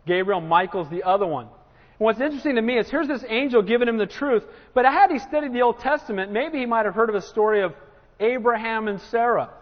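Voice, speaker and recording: A man preaching a sermon to a congregation, acting out quotes with lively bursts and asking "Amen?". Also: very high-pitched, brisk. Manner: animated, acts out quotes, asks congregation "Amen?". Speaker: pastor. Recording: dull sound with long hall reverb.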